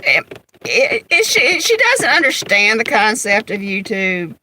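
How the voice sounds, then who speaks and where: This is a woman in middle age with a high, ringing, bright voice, hosting a casual livestream. She rambles through home stories, chuckles often and greets viewers by name. A faint hiss sits under the recording. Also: sing-song, measured pace, rough recording. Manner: chatty storytelling, laughs often, talks to viewers by name. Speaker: livestream host.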